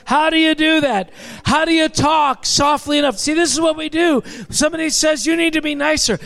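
A man preaching a sermon to a congregation, impassioned and building to shouted peaks. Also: very high-pitched, normal speed, creaky.

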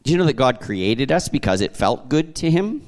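A man from Canada preaching to a congregation, telling stories in a conversational, animated way with frequent restarts. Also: mid-range voice, moderate pace. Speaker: pastor. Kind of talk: sermon.

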